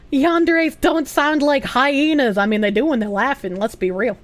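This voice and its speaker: A young woman livestreaming casually, giggly and loud, swearing freely as she reads chat aloud. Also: high voice, lively intonation, a little slow. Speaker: streamer.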